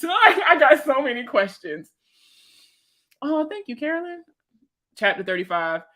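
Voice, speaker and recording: A woman chats casually on a livestream, rambling from topic to topic. She swears freely and laughs easily, and her voice is bright and forceful. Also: mid-range voice. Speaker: personal finance creator and veteran.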